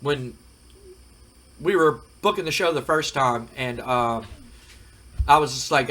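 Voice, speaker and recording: A man's voice: mid-range voice, a little slow, long pauses, a bit bright. A man hosting a casual gaming commentary, chatty and rambling with frequent fillers. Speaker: host.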